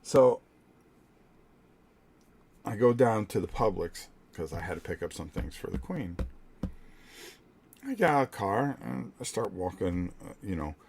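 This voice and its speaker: Older guy venting on his vlog, real low voice but swinging all over, blunt and cussing. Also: a little slow, gravelly, long pauses, husky. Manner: animated, blunt, profane storytelling with many restarts. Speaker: vlog host. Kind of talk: casual ranting story.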